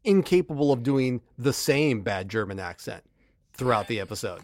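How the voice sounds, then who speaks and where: A man's voice: medium pitch, lively intonation, moderate pace, no room sound, clean studio sound. A man in his thirties co-hosting a podcast, talking casually and ranting emphatically about a show. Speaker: podcast co-host. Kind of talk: casual chat.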